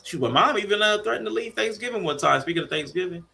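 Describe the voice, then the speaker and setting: Podcast guy, kinda high voice w some fry, animated storyteller. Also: quick pace. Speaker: podcast co-host. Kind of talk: casual chat.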